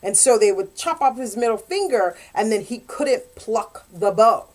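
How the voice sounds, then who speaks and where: A woman's voice: a little high, normal speed. Chatty, laughing woman reviewing a book. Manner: animated, chatty, laughs often. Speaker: book reviewer and romance author. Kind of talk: casual book review chat.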